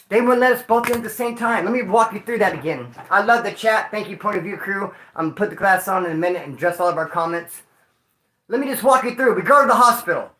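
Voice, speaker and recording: A reverberant recording catches a man's high, bright voice with a forceful tone. He's a grieving livestream host, casual and emotional with his chat, using slang and calling them homeboy and dude.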